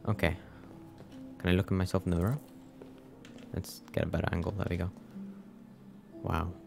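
A man's voice: sits low, level tone, normal speed, vocal fry. A young man giving casual let's play commentary, muttering wry reactions to a game. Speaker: gameplay commentator. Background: game music.

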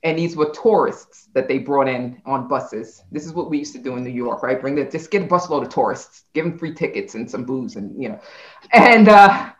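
Animated woman telling a story. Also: extremely low pitch, normal speed, muffled recording. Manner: animated, laughs while telling stories. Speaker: company CEO. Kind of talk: casual interview storytelling.

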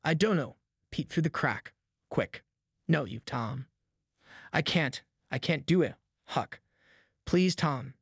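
A man's voice: fairly high pitch, expressive, takes it slowly, creaky, long pauses, slightly rough, no room sound, clean studio sound, full character voice. A man voicing two frightened backwoods boys who whisper in a rustic drawl. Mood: scared whisper. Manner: rustic dialect drawl, hushed and fearful.

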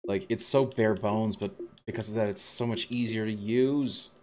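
Rambling male game streamer, lowish voice. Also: normal speed, darkish tone, a little hiss or hum. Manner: rambling, self-correcting chat. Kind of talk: casual gameplay commentary.

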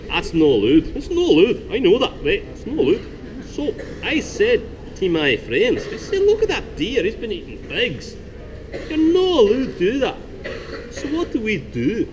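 A man voicing a cheeky male court jester in a soft Scottish accent, telling his story loudly and boastfully, out in a noisy street. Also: fairly high pitch, lo-fi sound, voice pushed up. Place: outdoors in old city streets. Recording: outdoor street noise, passing traffic.

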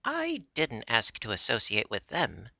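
A man's voice: medium pitch, huge pitch swings, unhurried, creaky, bright, forceful tone, no room sound, heavily acted. A man voicing a proud, scrappy hen in a storybook reading, speaking brashly and defiantly. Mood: boastful.

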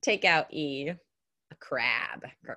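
A woman teaching young children an online phonics lesson, sounding out words slowly and clearly in an upbeat, encouraging way. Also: medium pitch, big pitch swings, fairly bright tone. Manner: slow, clear, exaggerated word modeling. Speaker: kindergarten teacher.

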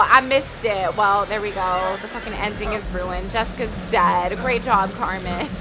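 A woman's voice: medium pitch, a little slow, hardly any pauses, noisy background. A young woman doing let's play commentary, crude and jokey, yelping when scared. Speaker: gaming YouTuber. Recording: game music behind.

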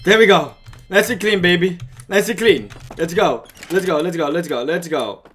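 A man giving frantic, excitable gaming commentary and chatting with his viewers as he plays. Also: high-pitched, normal speed, slightly rough. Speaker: let's play gamer.

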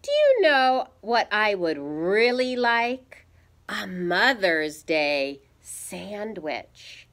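A woman voicing a gentle, amused mother talking lovingly to her young children in a storybook read-aloud. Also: mid-range voice, big pitch swings, extremely slow, heavily acted. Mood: fond.

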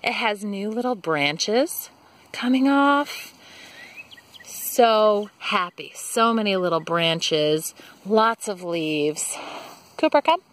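A woman's voice: medium pitch, lively intonation, slow pace, fairly bright tone. A young woman giving a casual garden tour outdoors, talking into a handheld camera mic, with her breathing audible as she walks. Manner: chatty, enthusiastic about plants. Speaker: garden vlogger.

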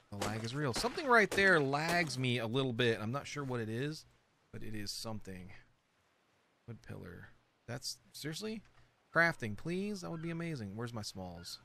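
A man's voice: mid-range voice, bright, forceful tone. A man giving casual let's-play commentary, chatty and self-mocking, talking to the pieces he builds. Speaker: gaming streamer.

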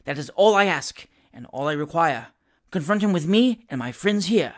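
A reader voicing an earnest, indignant elderly gentleman in an audiobook, speaking firmly and insistently. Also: mid-range voice, animated, normal speed, lightly acted. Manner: firm, insistent.

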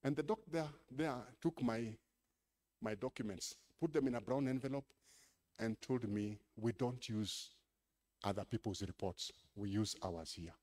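A Kenyan man preaching a sermon as pastor, switching between English and Swahili, dropping low to tell a story and then rising to loud exclamations. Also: normal speed.

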